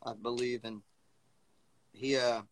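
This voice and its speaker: A man's voice: medium pitch, flat delivery, takes it slowly, slight background noise. A man who is a guest singer-songwriter, chatting casually with frequent restarts and easy laughs. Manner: stammering, repeats himself, laughs easily. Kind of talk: casual chat on a live music stream.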